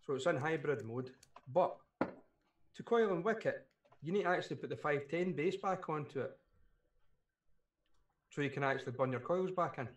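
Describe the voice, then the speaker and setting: A man's voice: a little high, lively intonation, moderate pace, long pauses. A British man co-hosting a casual live stream, chatty and rambling, often repeating his words. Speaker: co-host.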